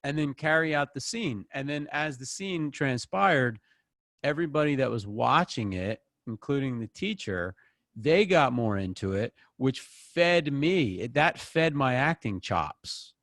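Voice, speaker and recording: A man teaching an online acting class in a casual, animated way, breaking into voices when he quotes people, speaking close into a microphone. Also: medium pitch, a little slow, no room sound.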